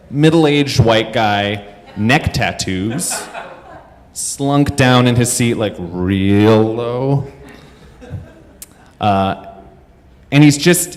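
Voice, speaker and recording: A man in his thirties telling a comedic story on stage to a live audience, self-deprecating and rambling, with many fillers. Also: mid-range voice. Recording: echoey hall.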